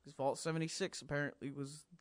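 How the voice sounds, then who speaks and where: A man's voice: fairly high pitch, level tone, fast talker. A young man co-hosting a casual chat about games, with wry, sarcastic remarks and casual swearing. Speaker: podcast co-host.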